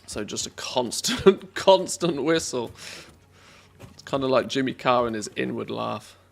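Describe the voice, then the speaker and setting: Streamer, gravelly, chatty, thinks out loud mid-game. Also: male voice, medium pitch, fairly even intonation, moderate pace. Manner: thinking aloud, chatty, laughs easily. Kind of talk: casual live-stream commentary.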